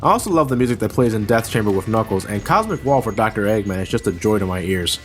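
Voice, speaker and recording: Profane, animated male game reviewer. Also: fairly low pitch, fast talker, faint music behind. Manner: profane, exasperated ranting with sudden shouts. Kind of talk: comedic scripted review voice-over.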